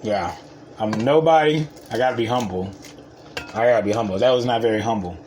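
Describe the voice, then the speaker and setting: A man telling a story in a casual, profane way, laughing often and swinging from mumbled asides to loud boasts. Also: mid-range voice, a little fast, a little hiss or hum.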